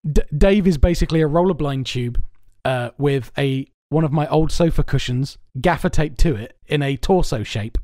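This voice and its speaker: A man's voice: a little high, moderate pace, few pauses, warm tone, no echo, studio quality. A man co-hosting a podcast in casual chat, telling rambling stories with lots of laughs and swearing, from a soundproofed home setup. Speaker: podcast co-host. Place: home recording space with soundproofing.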